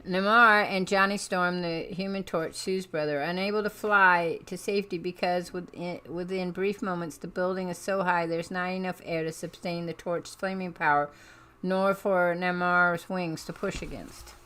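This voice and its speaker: A woman's voice: on the low side, fairly even intonation, normal speed, bright, forceful tone, smooth. A woman streamer reading a comic book aloud, narrating with small stumbles and self-corrections.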